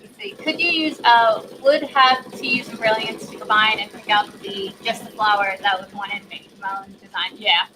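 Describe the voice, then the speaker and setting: A woman's voice: medium pitch, steady tone, normal speed, few pauses, background noise. A woman hosting a live embroidery demo, chatty and gushing, laughing often and sounding a little congested. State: congested, says she is on cold medicine. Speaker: host demonstrating embroidery. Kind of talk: casual live demo chat.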